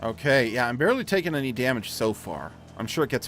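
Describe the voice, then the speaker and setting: A man's voice: mid-range voice, big pitch swings, fast talker, few pauses. Wry man commenting on gameplay. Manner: self-mocking, wry asides. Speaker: let's play host. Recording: faint game music behind.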